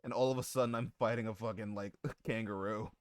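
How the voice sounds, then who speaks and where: A man's voice: lowish voice, fairly even intonation, quick pace, smooth, no echo. A man live-streaming who chats casually with his viewers, joking, swearing and laughing often.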